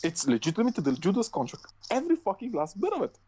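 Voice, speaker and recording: A man's voice: sits high, wildly swooping pitch, racing, warm tone, breathy edge, poor audio. A man co-hosting a podcast in casual chat, rambling and swearing often, with many fillers and restarts. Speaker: podcast co-host.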